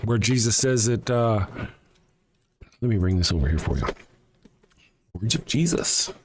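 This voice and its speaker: A man's voice: on the low side, expressive, measured pace, noisy background. A man hosting a livestream, answering chat sarcastically and reading out verses in casual commentary. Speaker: livestream host.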